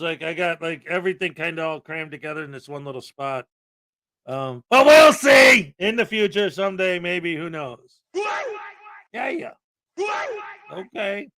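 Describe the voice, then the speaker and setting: Playful high-voiced livestream host man. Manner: playful, joking, sometimes shouting excitedly. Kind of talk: casual chat reading viewer donations. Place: small crammed home desk setup.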